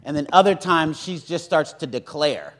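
A young man preaching a sermon in a lively, joking way, acting out the voices of others. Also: a little high, normal speed.

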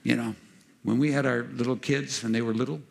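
A man's voice: mid-range voice, steady tone, fairly quick, gravelly. A middle-aged man preaching a conversational sermon that builds into fervent, rising delivery. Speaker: pastor.

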